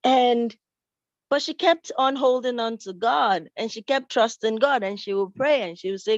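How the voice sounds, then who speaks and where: A woman with a somewhat high voice tells a story to children at church, lively and expressive. The sound is dull and dry, close with no room echo. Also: normal speed.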